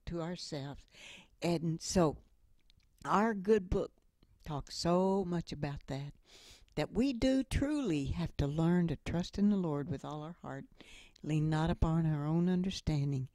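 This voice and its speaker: A middle-aged woman giving a motivational talk with stories, speaking slowly and deliberately. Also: on the low side, lively intonation, dark tone, no echo. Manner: slow and deliberate, with acted quotes. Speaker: inspirational speaker.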